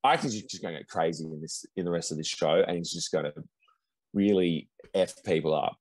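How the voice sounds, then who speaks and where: Deep, husky-voiced man chatting casually. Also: brisk, a little mellow, no room sound, rough recording. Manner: rambling, lots of restarts and "yeah yeah". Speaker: podcast guest commentator. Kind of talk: casual chat.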